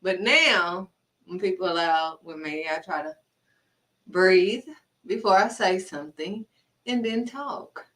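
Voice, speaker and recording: A woman's voice: on the low side, takes it slowly, fairly bright tone. A woman giving a blunt, emphatic faith talk to camera, scolding and repeating herself for emphasis. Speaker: faith vlogger. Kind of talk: preachy direct-to-camera talk. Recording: voice somewhat distant from mic.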